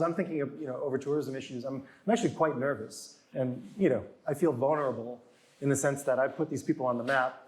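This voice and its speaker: A man's voice: mid-range voice, fast talker, a little mellow. A man in his forties telling stories in casual chat, acting out quotes in raised voices. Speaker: author and guest. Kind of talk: casual storytelling.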